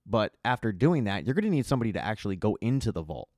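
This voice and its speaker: A man's voice: fairly low pitch, very animated, racing, darkish tone, no room sound, clean studio sound. A man narrating a casual, chatty recap of a TV season's plot. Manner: conversational, chatty storytelling. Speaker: TV recap YouTuber.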